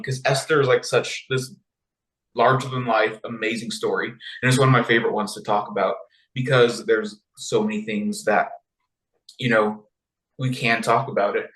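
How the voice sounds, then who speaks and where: A man's voice: medium pitch, moderate pace, a bit bright. Man, casual rambling talk, lots of fillers, echoey room. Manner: rambling, heavy use of fillers like "you know" and "like". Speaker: podcast co-host. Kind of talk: casual discussion.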